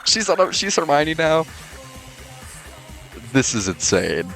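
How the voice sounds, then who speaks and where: A man's voice: on the high side, slow, creaky, faint music behind. A man hosting a let's play, reacting with laughs and swearing and reading game dialogue aloud. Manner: excitable, swears, laughs often.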